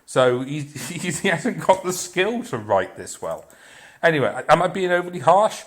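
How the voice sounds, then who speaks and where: A man's voice: fairly high pitch, sing-song, moderate pace. A man ranting in a blunt, profane and sarcastic way, rambling with restarts and filler as he reviews a show. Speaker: video reviewer. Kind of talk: unscripted rant.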